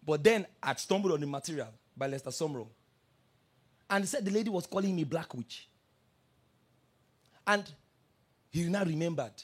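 A male pastor preaches with a high voice that leaps up and down. He tells his stories with energy, dropping to quiet asides and then rising to loud declarations. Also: breathy edge. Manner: animated storytelling, swings from soft asides to loud declarations. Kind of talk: sermon.

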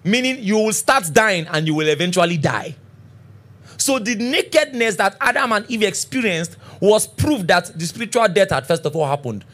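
Middle-aged man, pastor preaching, high and very expressive, keeps checking in with the crowd. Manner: preaching with frequent call-and-response checks; reads scripture slowly and deliberately. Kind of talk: sermon.

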